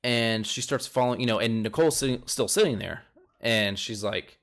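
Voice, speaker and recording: A man's voice: medium pitch, moderate pace. Chatty man recapping a show. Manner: animated retelling, quotes people in a raised voice. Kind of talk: casual recap chat.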